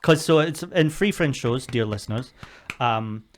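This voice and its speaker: A young man co-hosting a podcast, telling a story in a sweary, animated way with bursts of laughter. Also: medium pitch, measured pace, slight background noise. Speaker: podcast co-host. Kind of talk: casual storytelling chat.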